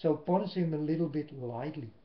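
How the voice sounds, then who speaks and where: A man whose first language is Dutch, preaching a sermon in English into a webcam at home, slow and emphatic, swinging between loud and soft. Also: fairly high pitch. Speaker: lay preacher. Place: indoors at home. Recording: roomy, dull webcam audio.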